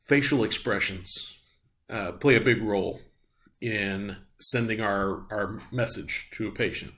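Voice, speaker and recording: A man's voice: fairly low pitch, measured pace, a bit bright. Man giving a recorded lecture. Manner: explanatory, frequent ums and uhs. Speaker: nursing instructor.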